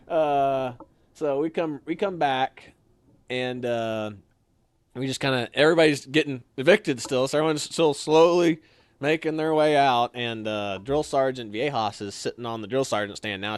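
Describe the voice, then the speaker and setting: A young man casually telling a story, animated and acting out what others said. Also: clear, resonant tone, dry recording. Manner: animated, acts out quotes with sudden higher shouts. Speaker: storyteller guest.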